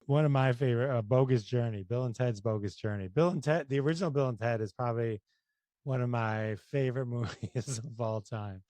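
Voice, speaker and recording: A man hosting an interview podcast, enthusiastic and quick to laugh. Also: medium pitch, mellow, no room sound. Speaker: podcast host. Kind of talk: interview chat.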